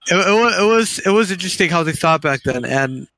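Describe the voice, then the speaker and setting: Bright-voiced young man, halting casual talk. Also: high-pitched, expressive, no echo, low-quality recording. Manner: halting, repeats words while hunting for phrasing. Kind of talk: casual chat.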